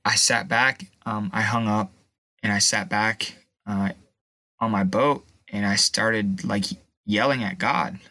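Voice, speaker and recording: A young man sharing a personal testimony in an interview, emotional and halting, at times tearful. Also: on the low side, fairly even intonation, sharp tone, no echo. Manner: emotional, halting, pauses and restarts. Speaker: guest.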